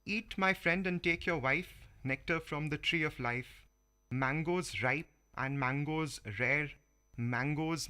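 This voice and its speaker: A man from India hosts a community radio program from the studio. His voice is bright and a touch high, and he reads a comic poem aloud at a slow, measured pace, giving the animals playful voices. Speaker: radio host.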